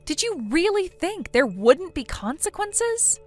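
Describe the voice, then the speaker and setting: A woman's voice: extremely high pitch, sing-song, unhurried, soft background music, full character voice. A woman voicing a blunt, lecturing female friend. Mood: stern. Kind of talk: text story narration.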